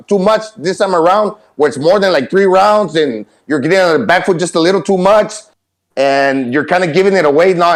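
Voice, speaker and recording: A man with a high voice rambles through casual podcast talk, with loose restarts and easy swearing. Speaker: podcast panelist. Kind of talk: casual voice-chat banter.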